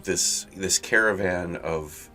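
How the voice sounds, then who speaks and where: A man narrating a tabletop game as game master, halting and full of fillers. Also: low voice, sharp tone, soft background music.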